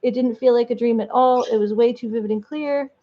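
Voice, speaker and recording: A woman's voice: a little high, steady tone, fairly quick. A woman vlogger casually reading online stories aloud, rambling with off-script asides, on a dull lo-fi recording.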